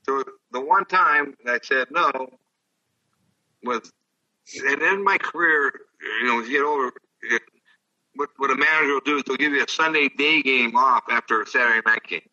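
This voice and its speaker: A man's voice: mid-range voice, moderate pace, pushed and bright, distant mic, lo-fi sound. Profane older man telling stories. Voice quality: profane, rambling. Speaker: guest, former baseball player. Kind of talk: casual storytelling.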